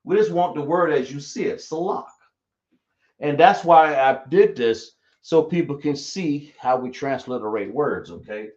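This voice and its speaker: A man teaches a live class, repeating points and checking that his listeners follow. He talks at an unhurried, drawn-out pace. The room is echoey and the sound is dull and lo-fi. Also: fairly high pitch, a little mellow. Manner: slow, repetitive explaining, checking the class often.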